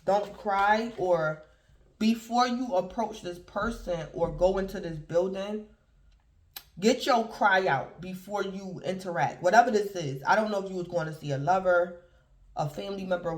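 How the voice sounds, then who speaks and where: A woman's voice: fairly low pitch, moderate pace. Chatty woman doing a tarot reading. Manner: repetitive, conversational, keeps addressing the collective. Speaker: tarot reader.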